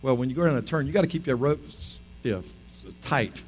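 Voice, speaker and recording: A man's voice: mid-range voice, fairly quick, soft background music. A middle-aged male pastor preaching a sermon, telling a story with chatty asides and rising to emphatic appeals.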